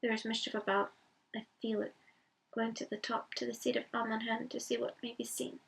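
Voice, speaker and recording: A woman voicing Aragorn, a grave, commanding male ranger, speaking in a measured way. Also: a little high, flat delivery, vocal fry, far from the mic, poor audio. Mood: urgent.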